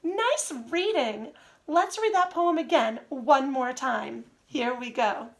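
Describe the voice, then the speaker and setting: A young adult woman teacher giving a reading lesson to young children, reading aloud slowly in a sing-song way with drawn-out words. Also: high-pitched, creaky.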